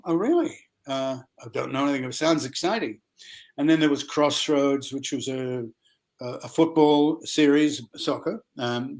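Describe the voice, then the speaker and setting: Older Australian actor telling anecdotes. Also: male voice, mid-range voice. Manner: animated raconteur, acts out quotes, many fillers. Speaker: actor guest. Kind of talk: anecdotal interview storytelling.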